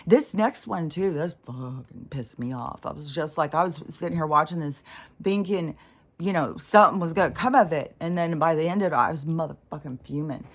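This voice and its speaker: A woman's voice: deep voice, a little fast. A woman talking straight to camera in a rambling, indignant rant, swearing heavily as she tells a story. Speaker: spiritual vlogger. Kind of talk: casual ranting monologue.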